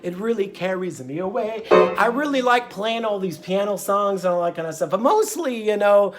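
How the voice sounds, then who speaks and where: A man's voice: high-pitched, lively intonation, normal speed, loud music behind the voice. A man hosting his own diet vlog, talking in a folksy, meandering way full of fillers and drifting off topic. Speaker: vlogger and diet channel host. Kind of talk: rambling casual monologue.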